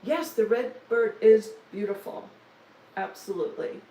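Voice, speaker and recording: A woman's voice: mid-range voice, measured pace, dark tone, reverberant, far from the mic, low-quality recording. A woman, chatting casually on a live stream about her stitching projects, with joking asides and self-deprecating humor. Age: 60s. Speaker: stitching vlogger.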